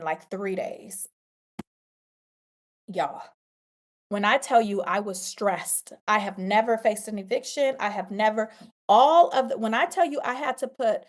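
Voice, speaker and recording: A middle-aged woman, a podcast host and coach, telling a personal story in a casual, animated way and talking straight to her listeners. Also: medium pitch. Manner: animated, conversational, addresses listeners as y'all.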